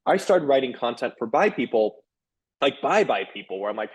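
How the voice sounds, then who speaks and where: Candid male guest, thirties, lively and chatty with lots of fillers. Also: medium pitch, breathy edge, highs cut off. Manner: animated, frank, quick restarts and "like" fillers. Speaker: author and sex columnist, guest. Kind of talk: candid conversational interview.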